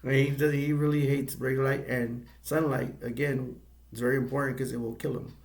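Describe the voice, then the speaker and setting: A man giving a casual movie review, retelling the plot in a rambling, halting way with many restarts. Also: mid-range voice, level tone, creaky.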